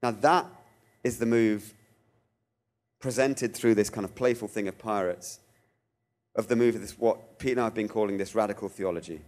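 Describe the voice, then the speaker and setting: A man giving a theological talk, telling stories with animated delivery and acting out quoted voices. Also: lowish voice, normal speed, pauses often. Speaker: guest speaker.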